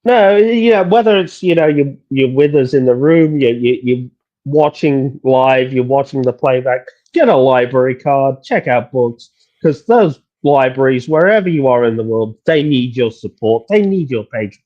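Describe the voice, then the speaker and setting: Animated male podcast co-host. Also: medium pitch, normal speed, dull audio. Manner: animated, stumbling restarts. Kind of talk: casual chat.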